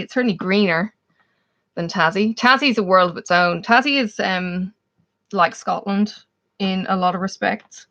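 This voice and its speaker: A woman's voice: mid-range voice, normal speed, fairly bright tone, dull audio. Chatty Australian woman livestreaming. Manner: chatty, rambling, laughs often. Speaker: livestream host. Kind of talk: casual chat with live viewers.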